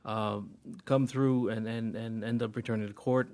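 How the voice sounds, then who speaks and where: A man working as a pretrial officer, answering interview questions hesitantly with many pauses. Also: mid-range voice, fairly even intonation, darkish tone. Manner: hesitant, many fillers and restarts.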